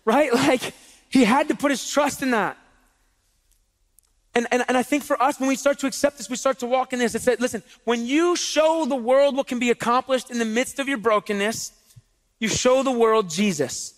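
A man in his thirties, a pastor, giving a sermon in a chatty, animated way with casual stories and rhetorical questions to the congregation. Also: extremely high pitch, normal speed. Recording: long reverb in a large hall.

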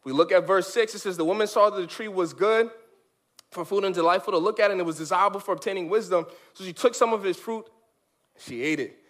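A man preaching a lively sermon for children, animated and emphatic, with big swings from high to low. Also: fast. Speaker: children's pastor. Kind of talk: sermon for kids.

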